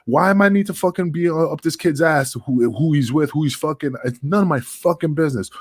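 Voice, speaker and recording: A man's voice: on the high side, a little fast, slightly rough, dry recording, studio quality. Profane middle-aged man telling war stories. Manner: profane, animated, acts out dialogue. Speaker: podcast guest. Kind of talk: casual storytelling.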